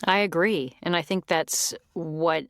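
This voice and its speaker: A woman's voice: on the low side, measured pace, a bit bright, clean tone, no room sound, clean studio sound. Candid, chatty woman voice coach. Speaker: voice actor and coach, guest. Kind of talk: casual podcast interview.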